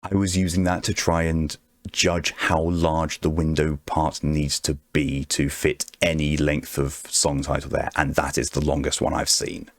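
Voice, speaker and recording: A man streaming his art, talking softly in an ASMR-style murmur right on a close microphone, rambling to himself as he draws. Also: a bass voice, little pitch movement, unhurried, no room sound. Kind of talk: soft ASMR-style stream chat while drawing. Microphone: very close desk microphone. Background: faint background music.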